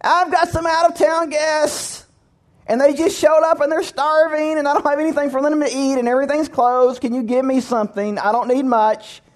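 A man's voice: fairly even intonation, moderate pace. A man doing a whiny, pushy midnight neighbor. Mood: pleading. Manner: high, wheedling and pleading.

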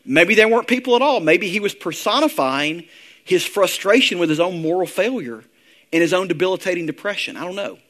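High-voiced man preaching a sermon. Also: animated. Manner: earnest, slows down and softens when reading prayers. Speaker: pastor.

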